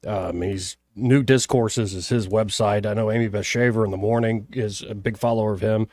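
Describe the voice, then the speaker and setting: A man's voice: lowish voice, steady tone, moderate pace, darkish tone, no room sound. Male talk radio host, Alabama accent, easygoing and chatty, dry studio sound. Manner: chatty, joking with studio crew. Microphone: studio microphone.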